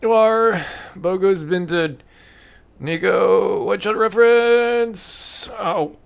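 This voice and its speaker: A vlogger reacting to memes in casual commentary, tired and talking with low-energy, flat mumbling delivery. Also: drawn-out words, vocal fry, clean tone.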